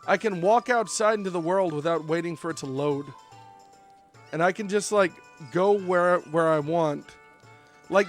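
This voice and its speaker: Chatty male streamer, slightly high voice. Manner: rambling, animated storytelling with fillers. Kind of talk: casual gameplay chat.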